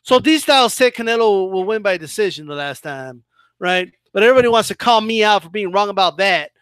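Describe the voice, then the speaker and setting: A man hosting his own boxing channel, giving casual, animated commentary with a mocking edge and frequent restarts. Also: high-pitched, brisk, smooth, no echo.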